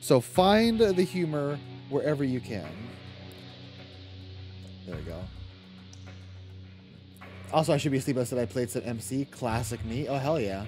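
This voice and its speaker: A man's voice: medium pitch, very animated, unhurried, pauses often, music in the background. A man streaming a video game from home, chatting casually with viewers, reading and answering chat, swearing freely and laughing often.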